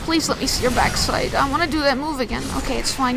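A woman's voice: high voice, fast talker, gravelly, music in the background. A young woman doing casual, rambling gameplay commentary, talking to herself and getting exasperated as she plays. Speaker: let's play host.

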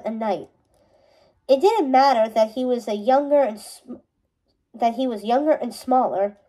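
Woman narrator, high mellow voice, steady reading of a novel. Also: rough recording. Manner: steady storytelling with small self-corrections. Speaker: reader.

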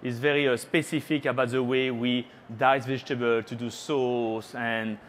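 A French-accented chef talks his way through a live cooking demo, chatty and teasing, dropping little French phrases between steps. His voice sits at an ordinary middle pitch for a man. A faint hum of show-floor ambience hangs behind him. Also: level tone, moderate pace, fairly bright tone. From France. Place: trade show cooking stage.

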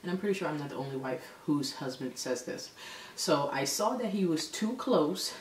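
A woman telling a story in a casual vlog, animated and exasperated. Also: deep voice, normal speed. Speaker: vlogger. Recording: echoey room, mic at a distance, faint background noise.

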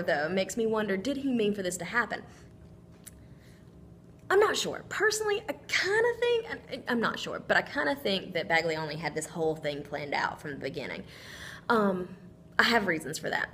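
A woman's voice: mid-range voice, a bit bright, slight background noise. A woman teacher giving a recorded literature lesson, thinking aloud with frequent ums as she works through a story.

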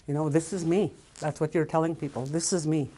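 An older woman teaching an informal language lesson, often losing her place and restarting, and sounding out syllables slowly and repeating them. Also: low voice, fairly even intonation, dark tone, breathy edge.

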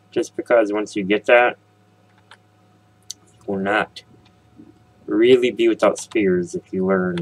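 Husky low-voiced man rambling over gameplay. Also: rough recording. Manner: rambling, jokey, talks straight to viewers. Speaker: let's play host. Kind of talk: casual gameplay commentary.

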